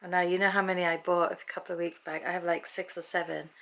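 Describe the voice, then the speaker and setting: A woman's voice: on the low side, flat delivery, fast, fairly bright tone. A British woman telling a story at home in a casual vlog, chatty and laughing often as she acts out what people said. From Britain. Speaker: vlogger.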